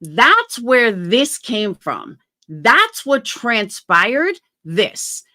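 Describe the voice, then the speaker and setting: Blunt middle-aged woman vlogging, bright voice, swears a lot, defensive. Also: fairly high pitch, very animated, extremely slow. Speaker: YouTube commentary host. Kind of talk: casual commentary vlog.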